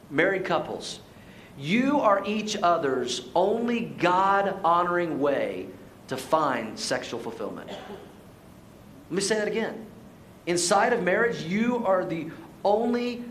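Man, pastor, playful emphatic sermon, high voice, roomy church echo. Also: fairly bright tone, a little hiss or hum. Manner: playful, joking, emphatic preaching. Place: church sanctuary.

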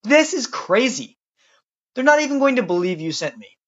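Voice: mid-range voice, big pitch swings, a bit bright, pitched above the performer's own voice. A podcast narrator voicing an anxious, doubtful old male prophet who protests and panics, on a dull lo-fi recording. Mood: protesting. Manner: fretful, protesting, quick to panic. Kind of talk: storytelling podcast.

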